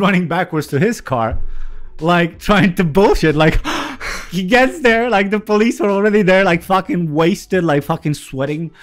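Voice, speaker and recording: This is a man from Romania in his thirties telling a story in a loose, profane, animated way. His voice sits a bit high for a man and he laughs easily. Faint music plays under him. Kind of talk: casual storytelling.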